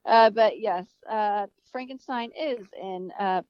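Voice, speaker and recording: A woman's voice: medium pitch, slight background noise. A woman chatting casually on a podcast, talking in a hesitant way and correcting herself. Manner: hesitant, halting, self-correcting. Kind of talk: casual chat. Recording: dull lo-fi sound.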